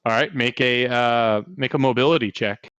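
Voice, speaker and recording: A man's voice: mid-range voice, normal speed, fairly bright tone, clean tone, dry recording, lo-fi sound. A man running a tabletop game as game master, narrating loosely with many fillers.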